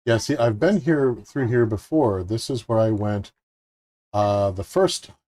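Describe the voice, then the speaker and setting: A man's voice: lowish voice, a little slow, mellow. A man co-hosting a gaming stream, talking casually with jokey, wry asides. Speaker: co-host playing the game.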